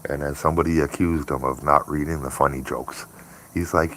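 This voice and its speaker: A man's voice: a bass voice, fairly even intonation, a little fast, fairly bright tone, slight background noise. A man chatting casually on a morning live stream, rambling and laughing often. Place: home by a window.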